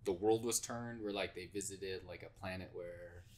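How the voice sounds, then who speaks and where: A man's voice: sits low, fairly even intonation, normal speed, slight background noise. A man co-hosting a podcast in casual chat, wry and given to rambling, dry-humored asides. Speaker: podcast co-host.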